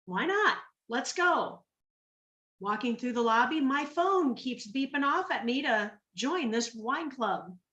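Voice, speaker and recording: A woman's voice: a little high, a bit bright, roomy sound, distant mic, dull audio. A woman from Minnesota telling her story to an online group, acting out the voices of the people she quotes. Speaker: guest speaker on a training call.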